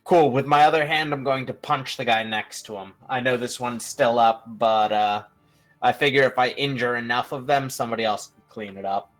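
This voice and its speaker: A man's voice: medium pitch, moderate pace, a bit bright, soft background music. A man playing in a tabletop game, stating his moves in a plain, matter-of-fact way. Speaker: player. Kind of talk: casual tabletop play.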